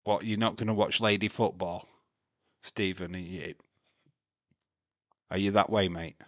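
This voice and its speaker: A man's voice: low voice, fairly even intonation, measured pace, no echo, dull audio. A man hosting a live wrestling watch-along stream, giving casual commentary, often laughing and teasing his chat. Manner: chatty, laughs often, reads and teases chat. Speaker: livestream watch-along host.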